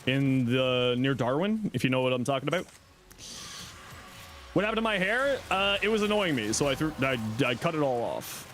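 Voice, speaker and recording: Animated Canadian male game streamer. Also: mid-range voice, normal speed, a little hiss or hum. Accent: Canadian, Southern Ontario. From Southern Ontario, Canada. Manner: chatty, animated, reads and answers chat aloud. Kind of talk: casual live-stream chat with viewers.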